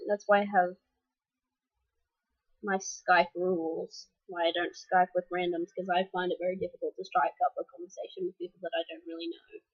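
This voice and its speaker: A woman's voice: fairly low pitch, flat delivery, normal speed, lo-fi sound. A young woman talking frankly to the camera in a personal vlog update, with fillers and restarts. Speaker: vlogger.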